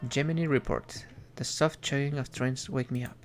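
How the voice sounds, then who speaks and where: A man streaming an indie game, reading its text aloud in a measured, reflective way with small asides. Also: medium pitch, level tone, slight background noise.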